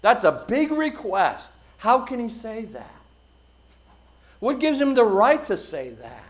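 A middle-aged man preaches from the pulpit in a fairly high voice. He pushes phrases out with force, then lets them sink to a near hush. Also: slow. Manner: expressive preaching, swelling loud then dropping quiet. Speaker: pastor. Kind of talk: sermon.

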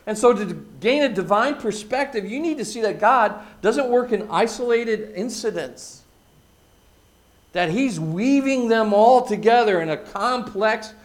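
In a high-pitched voice, this male pastor delivers a sermon that leans on insistent repetition. His volume falls from forceful, stressed lines to quiet asides.

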